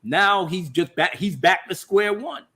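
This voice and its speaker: A man hosts a casual show review. He retells scenes with lively energy, putting on voices for the characters and swearing freely. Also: sits high, unhurried, breathy edge. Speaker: podcast host reviewing a TV episode. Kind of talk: animated casual recap.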